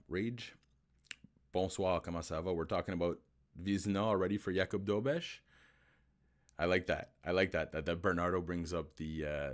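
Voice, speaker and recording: Hosting a live post-game hockey show, a man with a low, deep voice chats casually with his viewers. He is conversational and often stumbles, repeating words as he collects his thoughts.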